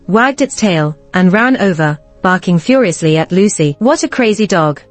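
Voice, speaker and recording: A woman's voice: mid-range voice, no room sound. A woman narrating a first-person romance story in a cool, matter-of-fact way.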